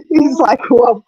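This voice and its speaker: A middle-aged woman, chatting casually and telling a lively story, acting out the voices in it. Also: a little high, husky, no echo, highs cut off. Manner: animated storyteller, acts out quotes. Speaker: host. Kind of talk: casual chat.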